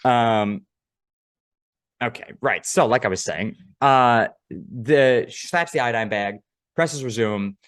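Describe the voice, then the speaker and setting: Podcast guy rambling through a story, lots of swearing, laughs along, normal pitch. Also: slow pace, no room sound, clean studio sound. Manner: profane, rambling, animated storyteller. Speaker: podcast co-host. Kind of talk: casual storytelling chat.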